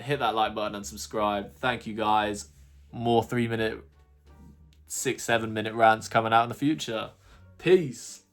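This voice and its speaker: A man's voice: medium pitch, fairly bright tone. Sweary man ranting on camera. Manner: sweary, exasperated storytelling. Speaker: YouTuber. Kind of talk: ranting vlog monologue.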